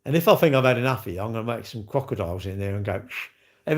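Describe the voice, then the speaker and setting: A man's voice: mid-range voice, lively intonation, quick pace. A man chatting casually on a live stream, rambling cheekily and answering comments from chat.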